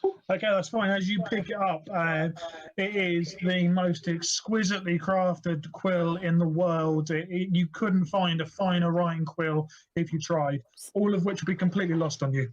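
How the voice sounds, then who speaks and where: A man's voice: sits high, fairly even intonation, moderate pace. A man narrating as game master, describing scenes wryly with fillers. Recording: dull lo-fi audio.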